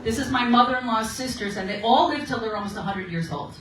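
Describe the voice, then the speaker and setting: A chatty woman in her sixties speaks to a meeting, her voice a little high for a woman, laughing easily between stories. She sounds far from the mic in a very echoey room. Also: quick pace, a bit bright, slight background noise. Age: 60s. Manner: chatty storyteller, laughs often, asks "okay?". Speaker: guest speaker at a women's meeting. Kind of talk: casual encouraging talk.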